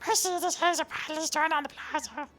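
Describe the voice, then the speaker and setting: A man voicing a small chattering townsperson in a very high, squeaky voice. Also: steady tone, bright, forceful tone, soft background music. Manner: squeaky, rushed.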